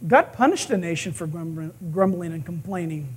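A male pastor preaching a sermon, telling stories with animated acted-out quotes and chuckles. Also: on the high side, fairly quick, slight background noise.

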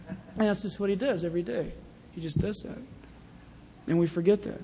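A male pastor preaching an animated sermon in a warehouse church, declaiming scripture emphatically. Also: high-pitched, moderate pace, pauses often, slight background noise. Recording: long reverb in a large hall.

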